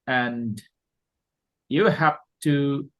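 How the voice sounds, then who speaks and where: A man giving a classroom lecture on presentation skills, deliberate and repeating his points for emphasis. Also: mid-range voice, highs cut off.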